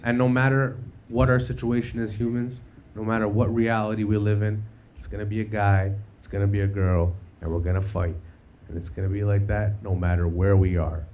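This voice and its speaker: A man doing stand-up comedy while high, laid-back, swearing and laughing at his own jokes. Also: little pitch movement, fairly quick, few pauses, a little mellow. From Canada. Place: live comedy stage. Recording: live venue with audience noise.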